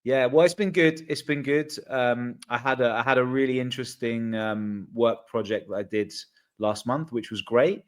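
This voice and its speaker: A man from England in casual banter with a fellow host, with an everyday middle pitch. He is chatty and laughs a lot, with plenty of fillers and restarts. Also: steady tone, moderate pace, smooth. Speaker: guest co-host, Spain-based channel creator. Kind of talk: casual banter between two hosts.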